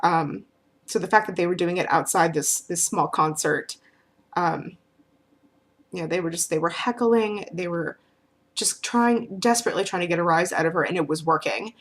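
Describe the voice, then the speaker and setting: A woman's voice: lowish voice, moderate pace. Chatty woman telling a story. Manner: chatty, rambling with fillers and restarts. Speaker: vlogger. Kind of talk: casual storytelling to camera.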